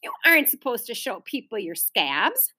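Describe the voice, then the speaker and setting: A woman's voice: a little high, huge pitch swings, moderate pace, bright, forceful tone, husky, heavily acted. A woman voicing a polite, self-conscious older girl in a read-aloud storybook, talking earnestly with some embarrassment. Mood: fretful.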